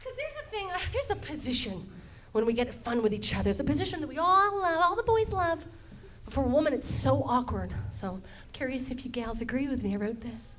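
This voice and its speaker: A woman's voice: sits high, very animated, fairly quick, a little hiss or hum. A woman comic doing playful stand-up with songs on a club stage, laughing and acting out silly voices. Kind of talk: musical stand-up comedy. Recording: live stage recording with clear music. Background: guitar and audience laughter.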